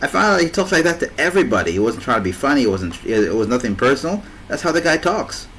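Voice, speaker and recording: A man's voice: mid-range voice, big pitch swings, fast talker, a bit bright, a little hiss or hum, poor audio. A man hosting a casual voice chat, rambling anecdotes with frequent laughter. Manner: rambling, laughs often, restarts. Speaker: host.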